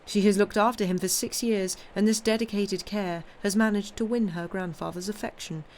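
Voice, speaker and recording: A woman reading aloud and voicing a scheming middle-aged stepmother who speaks in a smooth, ingratiating way. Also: mid-range voice, fairly even intonation, normal speed, a little mellow, a little hiss or hum, pitched above the performer's own voice, lightly acted.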